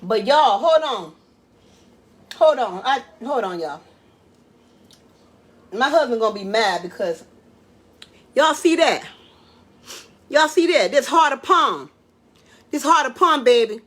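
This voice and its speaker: A woman, chatting excitedly to viewers while cooking in her home kitchen. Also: a little high, takes it slowly, pauses often, breathy edge. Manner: excitable, exclaims with food, talks to viewers as y'all and baby. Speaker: home cook hosting a live cooking stream. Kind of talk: casual live cooking chat.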